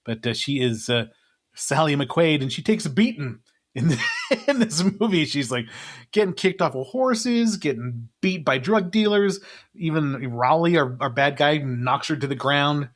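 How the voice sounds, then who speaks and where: A man's voice: a little high, expressive, a little slow. A man co-hosting a casual movie podcast, rambling through the cast list with frequent chuckles and fillers. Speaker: podcast co-host.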